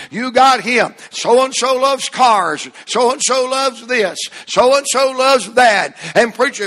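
A man preaching a fervent sermon in a very high, bright, ringing voice. He stretches his words out slowly for weight and then breaks into shouts. He sounds middle-aged. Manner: impassioned, emphatic preaching with slowed, drawn-out phrases and occasional shouts.

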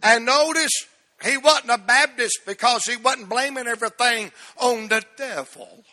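A man's voice: extremely high pitch, normal speed, bright, forceful tone, long reverb tail. A man in his sixties preaching a sermon as pastor in a church, emphatic and repeating key words for stress. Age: 60s.

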